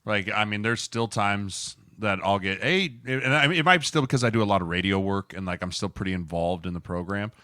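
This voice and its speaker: A man's voice: fairly low pitch, brisk, few pauses, pushed and bright, smooth, dry recording, studio quality. A man co-hosting a football podcast, telling anecdotes in an easygoing way. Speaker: podcast co-host, former NFL lineman. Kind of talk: casual chat.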